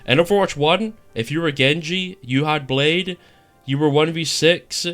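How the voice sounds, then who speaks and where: A man's voice: a little high, measured pace, fairly bright tone, faint music behind. A young man giving casual opinion commentary on a game, frustrated and rambling, restarting phrases and asking if you know what he means. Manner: frustrated, rambling with repeated restarts and filler questions. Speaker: gaming video creator.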